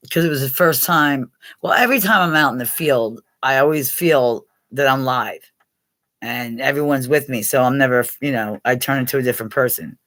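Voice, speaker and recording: An older woman from Pennsylvania chats casually with viewers on a live stream, rambling, swearing freely, and laughing a lot. Her voice rumbles low with a fairly bright tone, and there's no room sound.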